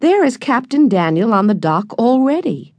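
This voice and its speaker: Storybook: a woman doing a curious, friendly girl, lifted pitch, dry studio read. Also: big pitch swings, moderate pace, a little mellow, no echo. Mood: eager.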